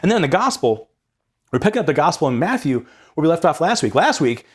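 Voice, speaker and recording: A young man hosts a casual reflection on scripture with a husky, slightly breathy voice. His pitch swings widely as he talks. He speaks with energy and conversational ease, and repeats words when he gets excited. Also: fast talker. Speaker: host of a Sunday readings reflection.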